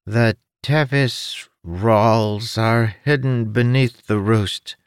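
A man's voice: fairly low pitch, drawn-out words, smooth, no echo, studio quality, voice pushed up. A man voicing a small, childlike winged male creature with a trunk, chirpy and carefree, in an audiobook. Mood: cheerful.

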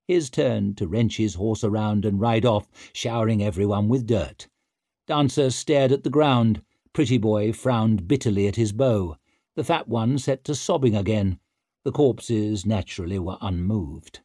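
A man narrating a gritty fantasy audiobook in a measured storytelling manner with dry wit. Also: fairly low pitch, dark tone, dry recording. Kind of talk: scripted narration.

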